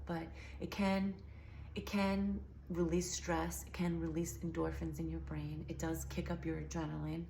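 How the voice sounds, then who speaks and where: In an echoey room with faint background hiss, a woman healing vlogger rambles casually to camera. Her lowish voice is creaky, a little mellow, and slightly sore, and she speaks earnestly with many fillers.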